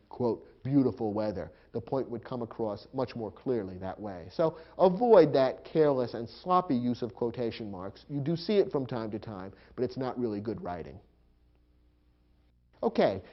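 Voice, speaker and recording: A man's voice: medium pitch, highs cut off. Patient man explaining grammar. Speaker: teacher. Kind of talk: recorded grammar lesson.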